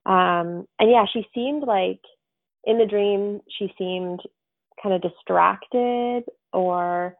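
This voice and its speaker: A woman's voice: medium pitch, creaky, no room sound. A woman guest on a podcast, telling her story in a rambling, casual way full of fillers and restarts. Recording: tinny phone-like line.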